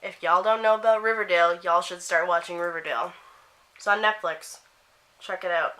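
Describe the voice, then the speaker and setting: A teenage girl from Canada telling a get-ready-with-me story, animated and swearing while acting out what her friends said. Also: fairly low pitch, brisk. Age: teens. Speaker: vlogger.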